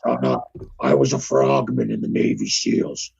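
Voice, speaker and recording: A man doing an impression of a boastful older ex-wrestler turned governor, in a very deep, gravelly growl, rambling through tall tales. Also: level tone, normal speed, a little mellow, dull audio, full character voice.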